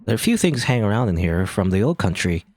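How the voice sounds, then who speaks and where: A man voicing a sulky, sarcastic young woman back in her hometown, in a deadpan read. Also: on the low side, quick pace. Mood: musing.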